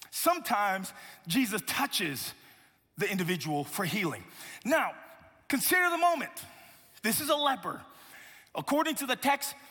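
High, lively male pastor preaching. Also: husky. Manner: animated storytelling with playful asides. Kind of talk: sermon. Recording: echoey hall reverb.

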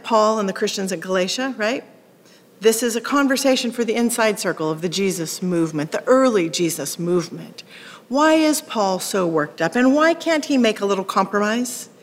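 Woman pastor giving a sermon, kinda high voice, big echoey church sound, gets really animated. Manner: animated, acts out quoted lines with sharp rises. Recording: long hall reverb.

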